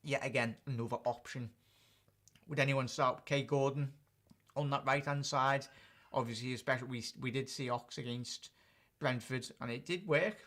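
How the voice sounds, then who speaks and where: A man's voice: mid-range voice, fairly even intonation, moderate pace, a bit bright. A man hosting a live-stream football chat as a fan channel host, chatting and answering viewer comments directly.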